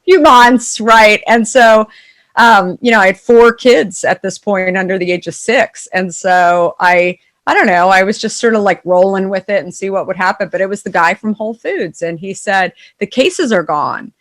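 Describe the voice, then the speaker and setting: A middle-aged woman talks casually as a guest in an interview. She tells her stories with energy and switches into the voices of the people she quotes. Her pitch sits in a middle range. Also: fairly even intonation, moderate pace, fairly bright tone. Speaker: founder and CEO guest.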